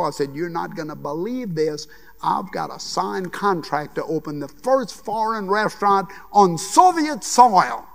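An older man from Louisiana with a Cajun accent, telling a folksy, animated story as a chef giving a conference keynote. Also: on the high side, vocal fry. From Louisiana, USA. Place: large conference hall. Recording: long reverb of a large hall.

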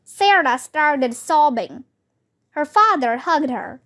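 A woman reading a children's chapter book aloud in a steady, clear storytelling way. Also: sits high, slow. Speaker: read-aloud narrator.

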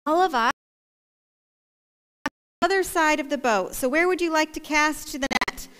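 A woman's voice: high-pitched, normal speed, fairly bright tone, slight background noise. A woman pastor leading a playful, interactive children's story, coaxing the kids to act it out. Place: church sanctuary. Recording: echoey church hall.

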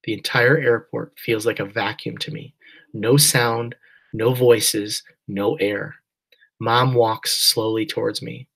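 Husky male narrator, mid pitch, quiet mournful first-person reading. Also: steady tone, slow, low-quality recording. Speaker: audiobook narrator.

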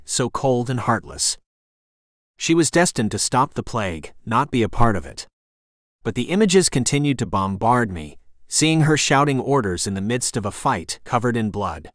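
A man reading a first-person fantasy audiobook in a measured, dramatic storytelling manner. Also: medium pitch, fairly bright tone, no echo, clean studio sound. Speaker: audiobook narrator.

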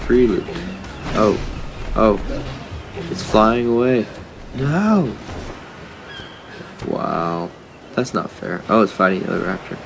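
A man's voice: fairly low pitch, moderate pace, creaky, long pauses, music in the background. A man giving casual commentary while he plays a video game, talking to the creatures on screen and to his viewers, often frustrated. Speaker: gaming YouTuber.

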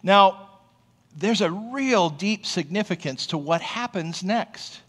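Male pastor, sermon, chatty storytelling, fairly high voice. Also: slow pace. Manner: conversational, checks in with "okay?"; storytelling, animated.

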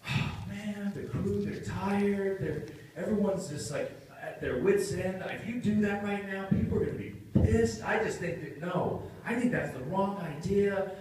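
Male convention guest, animated storyteller who does the voices and laughs a lot, raised pitch, captured distantly in a big echoey room with audience noise. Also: a little slow. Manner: acts out quotes, laughs often. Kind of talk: animated anecdote on stage. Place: convention hall. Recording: roomy hall, distant mic, noisy.

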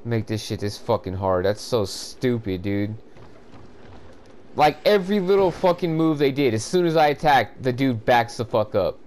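A man's voice: medium pitch, sing-song, normal speed, a little mellow, slight background noise. A man giving profane, frustrated commentary over a game walkthrough, ranting at the players watching. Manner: frustrated, swearing, exasperated rants. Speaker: gameplay commentator.

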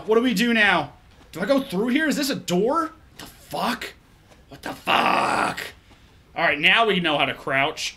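A young man narrates his horror game play with a high, very bright voice. He startles easily, swears often and keeps talking to himself as he moves along. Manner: jumpy, swearing, talks to himself. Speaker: gaming YouTuber. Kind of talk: let's play commentary.

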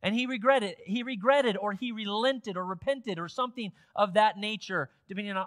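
A man's voice: extremely high pitch, a bit bright, no echo, studio quality. A man preaching a sermon in a church, emphatic and given to repeating phrases for effect. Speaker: pastor.

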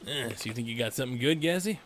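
A man's voice: mid-range voice, very fast, fairly bright tone, a little hiss or hum. A man hosting a casual gaming session, joking and teasing his friends over voice chat while they play poker. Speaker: gaming channel host.

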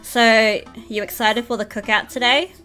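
Live-streaming a game, a young New Zealand woman speaks at normal speed in a slightly high, steady voice that sounds pushed and bright, with soft background music behind her. She giggles, chats with viewers, laughs often, and reads the game lines playfully.

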